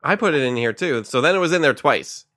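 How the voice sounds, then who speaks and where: A man's voice: a little high, animated, fast, a bit bright, no room sound. A man co-hosting a podcast in casual chat, dry and matter-of-fact. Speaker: podcast co-host.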